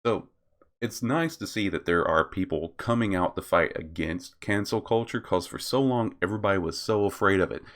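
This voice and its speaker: Man, very deep voice, channel host, laughs and swears while reading posts aloud. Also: moderate pace, fairly bright tone. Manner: laughs often, swears, stumbles over names.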